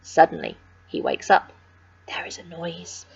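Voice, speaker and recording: A woman reading a children's picture book aloud with expressive, sing-song storytelling. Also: on the low side, measured pace, breathy edge, dry recording, whispered, highs cut off.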